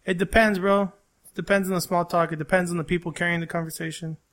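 A man's voice: high-pitched, little pitch movement, fast talker, a bit bright. A man co-hosting a podcast in crude casual banter, teasing his friend, swearing and saying "bro" a lot, sweaty from talking in a small room. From Mexican heritage, living in the US. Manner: profane, teasing, says "bro" often. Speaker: podcast co-host.

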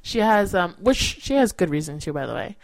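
A woman's voice: lowish voice, sing-song, fairly quick, low-quality recording. A woman from California co-hosting a podcast in casual chat, telling rambling, self-mocking stories with frequent restarts. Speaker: podcast co-host.

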